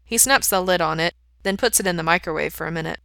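Bright-voiced woman reading a story aloud. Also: on the low side, fast talker, creaky, no room sound. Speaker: reader. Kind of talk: fan fiction read aloud.

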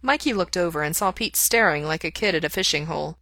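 A woman reading a story aloud in a steady, even narrating manner. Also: lowish voice, fast talker, no echo. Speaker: audiobook reader. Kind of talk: fan fiction read aloud.

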